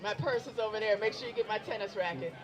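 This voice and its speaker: A woman's voice: mid-range voice, fast talker, noisy background. A middle-aged woman doing a stand-up set outdoors, teasing herself and bantering with the crowd. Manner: self-deprecating, bantering with the crowd. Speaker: stand-up comedian. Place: outdoor event. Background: crowd of onlookers.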